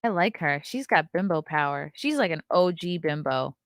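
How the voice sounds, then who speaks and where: A chatty woman in her thirties hosts a live stream. She riffs and laughs easily, her voice a little low. The mic sound is dry and close. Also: animated, normal speed, no room sound. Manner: chatty, riffing, laughs often. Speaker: host. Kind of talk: casual live-stream chat.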